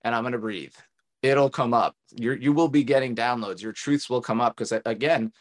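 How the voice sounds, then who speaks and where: An earnest man in a casual podcast conversation, a tantra coach sharing advice. His voice sits at an ordinary, mid-range pitch, and his thoughts spill out in long, encouraging, reflective runs. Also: normal speed.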